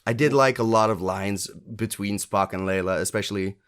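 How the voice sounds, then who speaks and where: Reviewing a TV episode in casual podcast chat, this male co-host has a voice on the low side with a fairly bright, clean tone and a normal speed. His talk is thinking aloud, full of restarts and fillers.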